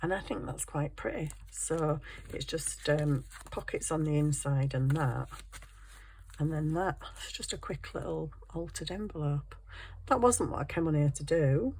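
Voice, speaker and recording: Low, gravelly woman vlogging. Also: measured pace, darkish tone, a little hiss or hum. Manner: rambling, self-deprecating, chatty. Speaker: craft vlogger. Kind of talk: casual crafting chat. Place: home craft desk.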